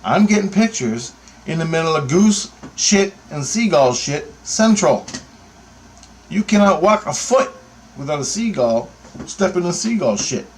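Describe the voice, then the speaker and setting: A man's voice: on the high side, sing-song, unhurried, a little hiss or hum, rough recording. Profane, heated man ranting. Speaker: bird photographer. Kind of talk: angry ranting anecdote.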